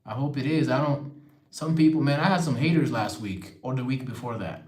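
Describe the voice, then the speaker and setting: Young man, casual livestream host, chatty, mid-pitched voice, reads comments aloud, roomy echoey sound. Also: a little fast, a little mellow. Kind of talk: casual live-stream chat. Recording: echoey room.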